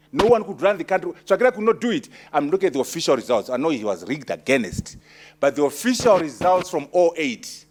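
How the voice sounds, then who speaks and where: Man from Zimbabwe, author at a launch, fairly high voice, very lively pitch, forceful, teasing. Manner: forceful, teasing, emphatic repetition. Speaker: author at his book launch. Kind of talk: lively Q&A talk.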